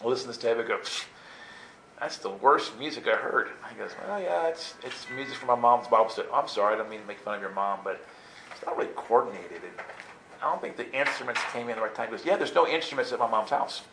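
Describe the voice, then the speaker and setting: A man telling a funny personal story in an animated way, jumping into high squeaky voices to act out his younger self. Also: fast, a little hiss or hum. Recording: roomy echo, faint ambience.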